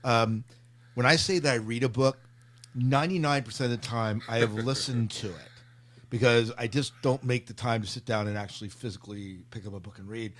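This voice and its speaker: A man's voice: medium pitch, a little fast. Joking, teasing male host of a book chat podcast with a mid-range voice. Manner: joking, teasing, leads the questions. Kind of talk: casual chat.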